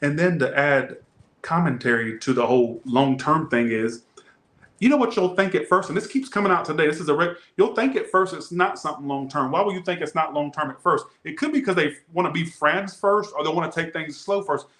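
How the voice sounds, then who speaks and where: A man with a Southern US accent giving a casual tarot reading, animated, blunt and joking. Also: fairly high pitch, brisk, reverberant. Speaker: tarot reader.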